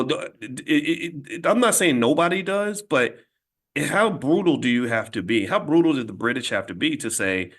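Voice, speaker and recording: A man's voice: medium pitch, a bit bright. A man hosting his own channel, telling stories in a blunt, emphatic, conversational way and often restarting his sentences. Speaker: host. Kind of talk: casual monologue storytelling.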